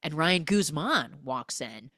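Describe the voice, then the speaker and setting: Low-voiced, animated woman podcast host. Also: slow, no echo, studio quality. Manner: animated, gossipy, full of 'like'. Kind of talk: comic movie recap.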